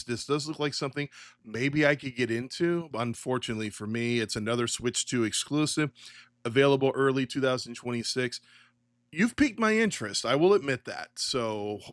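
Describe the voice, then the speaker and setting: A middle-aged man hosting a casual solo commentary podcast, ranting in an animated, exasperated way and swearing often. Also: medium pitch, dry recording, clean studio sound. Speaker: podcast host.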